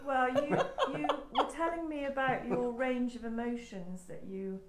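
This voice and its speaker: A woman's voice: on the high side, unhurried. A woman co-hosting, chiming in with short, teasing remarks. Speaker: co-host. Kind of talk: casual chat. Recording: echoey room with background noise.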